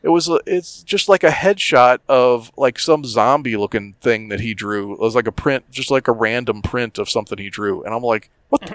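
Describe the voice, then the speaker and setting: Telling a story on a casual podcast he co-hosts, a middle-aged man launches into a profane rant and grows increasingly worked up. He speaks at normal speed in a mid-range voice with hardly any pauses, and there's no room sound.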